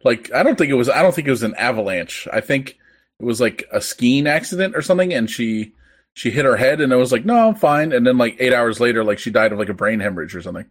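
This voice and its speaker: Easygoing man in mid-pitched casual chat. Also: lively intonation, quick pace, slightly rough. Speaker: podcast co-host.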